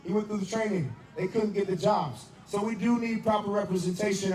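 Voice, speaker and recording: High-pitched guy leading chants at a protest, shouting from a ways off the mic, loud crowd all around. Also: brisk, roomy sound. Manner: shouting, repeats "am I right or am I right". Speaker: protest leader. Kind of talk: rally speech with call-and-response chants. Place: outdoor street protest. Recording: distant voice in a loud street crowd. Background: loud crowd noise.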